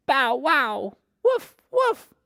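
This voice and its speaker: A woman voicing an excitable little puppy, barking in a squeaky, high voice. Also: very slow, vocal fry, dry recording, clean studio sound, heavily acted. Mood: excited barking.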